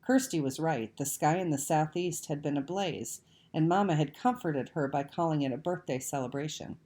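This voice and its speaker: A woman reading a children's novel aloud, measured and expressive. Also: sits low. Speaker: audiobook reader. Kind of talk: storybook read-aloud narration.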